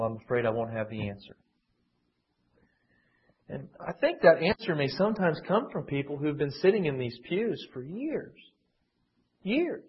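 A man teaching a conversational Bible lesson, digressive and emphatic, often restarting his sentences. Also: a little high. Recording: dull lo-fi classroom recording.

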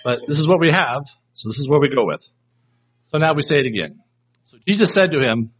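A man's voice: fairly high pitch, expressive, brisk, pauses often, slightly rough. A man teaching a Bible study class, reflective and reading verses aloud to try out different inflections, in a dull lo-fi recording. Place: room with a live class.

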